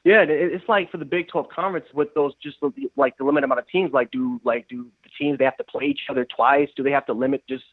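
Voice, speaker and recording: A man's voice: medium pitch, steady tone, quick pace, few pauses, no echo. A man calling in to a sports talk show, asking hesitant questions with lots of fillers over a tinny phone line. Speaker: caller.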